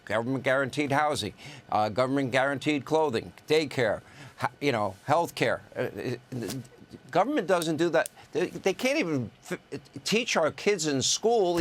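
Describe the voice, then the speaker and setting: Indignant male TV host. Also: a little high. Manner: list-driven, indignant. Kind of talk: political TV interview.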